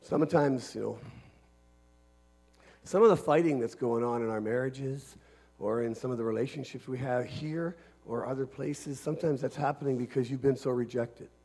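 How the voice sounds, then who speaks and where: A man's voice: mid-range voice, normal speed, a little mellow, husky. A pastor from Canada preaching a sermon to his congregation, earnest and emphatic, leaning on repetition.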